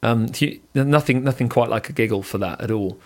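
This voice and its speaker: A man's voice: medium pitch, a little fast, a little hiss or hum. Laid-back enthusiastic male podcast co-host. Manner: calm guided breathing instructions. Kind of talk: casual chat.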